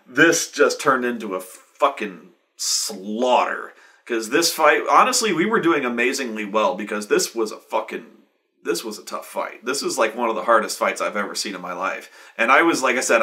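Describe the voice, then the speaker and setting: A man hosting a show, telling a long, animated, profane story with lots of restarts. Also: medium pitch. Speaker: show host. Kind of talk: casual storytelling.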